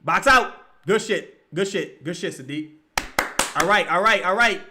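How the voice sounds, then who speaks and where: A man giving profane, excitable live commentary while he watches a basketball game, often shouting at plays. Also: sits high, a little slow, noisy background. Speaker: live-reaction streamer.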